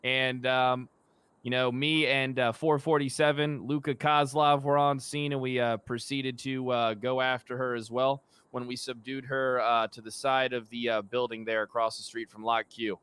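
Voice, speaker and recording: A man's voice: medium pitch, little pitch movement, normal speed, a bit bright, clean tone, dry recording, close to an everyday voice. A man roleplaying a blustering police officer who gives mock-formal testimony in court. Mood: testifying.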